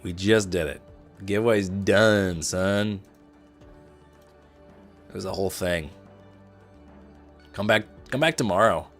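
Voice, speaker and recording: Brief: easygoing Midwestern man, lower register, joking livestream host. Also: slow, long pauses, faint music behind. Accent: neutral Midwestern. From Indianapolis, US Midwest. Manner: chatty, joking with chat, playful asides. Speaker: trading livestreamer. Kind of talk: casual livestream commentary.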